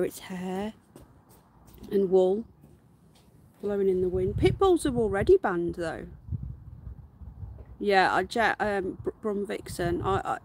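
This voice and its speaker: Woman, live-stream host, gravelly and a bit hoarse, baby-talks the pets, faint outdoor hiss. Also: a little mellow. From United Kingdom. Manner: coos at pets in a high, slow baby voice between chatty asides to viewers. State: unwell, voice going. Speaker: livestream host. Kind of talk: casual live-stream chat. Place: garden outdoors.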